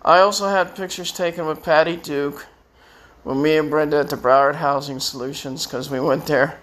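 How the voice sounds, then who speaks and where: A man's voice: a little high, steady tone, moderate pace, a bit bright. A man rambling through personal stories in a casual way, repeating words and chuckling as he goes. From Florida. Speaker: storyteller.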